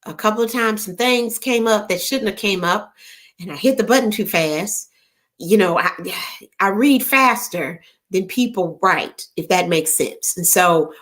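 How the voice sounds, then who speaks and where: A woman hosting an online gathering, telling a story in a chatty, animated way and jumping between asides. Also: mid-range voice. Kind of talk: casual storytelling chat.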